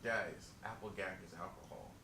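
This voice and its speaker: Man, tabletop player, eager, lowish voice, echoey noisy room. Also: normal speed, gravelly. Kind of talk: casual tabletop game chat.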